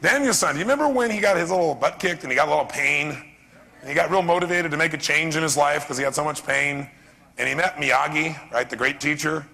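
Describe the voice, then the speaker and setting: A gravelly, husky man talks fast and animatedly at a live seminar, firing questions at the audience. His voice carries the long reverb of a large hall. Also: on the high side, bright, forceful tone. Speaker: motivational speaker.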